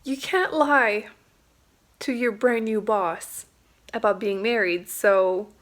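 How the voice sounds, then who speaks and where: Young female book vlogger, a bit high-pitched, chatty and giggly. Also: takes it slowly. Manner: chatty and giggly, heavy on fillers. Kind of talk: casual reading vlog chat.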